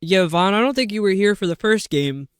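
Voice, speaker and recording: Over a video game, a female streamer rambles on in an animated, brisk way, often poking fun at herself. Her medium-pitched voice sounds clean, with no echo and clear studio quality, as she gives chatty, casual livestream commentary.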